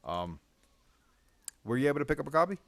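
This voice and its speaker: A man's voice: mid-range voice, sing-song, a little fast. A man co-hosting a casual comic book review chat, laid-back and slangy, laughing often.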